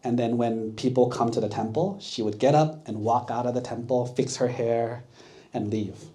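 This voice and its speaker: Monk, sermon for kids, mellow voice, keeps quizzing the audience. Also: male voice, medium pitch, fairly even intonation, normal speed. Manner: asks the audience questions, checks with 'right?'. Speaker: monk teaching children. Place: temple.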